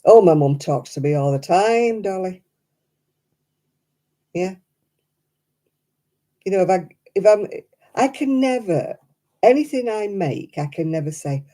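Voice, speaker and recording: A British woman chatting casually on her crafting livestream, mimicking people in high voices as she tells stories. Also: lively intonation, unhurried, long pauses, mellow. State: struggling with hand pain. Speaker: livestream host.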